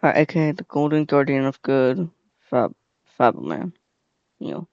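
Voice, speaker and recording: A man's voice: medium pitch, normal speed, gravelly, a little mellow, dry recording. A young man hosting a casual reaction video, rambling with lots of fillers and slang. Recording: dull, lo-fi, dry sound.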